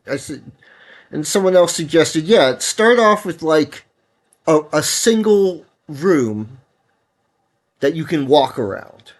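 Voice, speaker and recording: A man's voice: fairly high pitch, expressive, slow pace, pauses often. Rambling, tired man streaming while coding. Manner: rambling, self-correcting, advice-giving. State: tired, yawning. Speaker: livestreaming game developer. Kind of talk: casual livestream commentary while programming.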